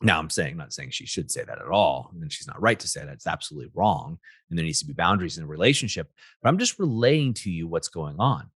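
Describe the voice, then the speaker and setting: A man's voice: sits low, expressive, quick pace, fairly bright tone, husky, no room sound, studio quality. A middle-aged man hosting a motivational talk show, speaking emphatically and often checking in with "right?" and "guys.". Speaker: podcast host, relationship coach. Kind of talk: motivational monologue.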